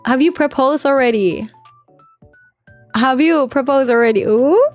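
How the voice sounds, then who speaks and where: Young woman streamer rambling w/ chat, kinda high voice, lots of "like" and "bro", soft music behind. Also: a little slow. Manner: chatty, rambling, heavy filler words and slang. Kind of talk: casual livestream chat with viewers.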